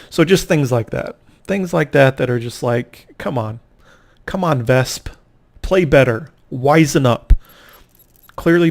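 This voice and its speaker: A man casually recapping a tournament over gameplay, rambling and poking fun at himself, with quick reactions to the match. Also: medium pitch, a little mellow. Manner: rambling, self-mocking, reacts aloud to the game.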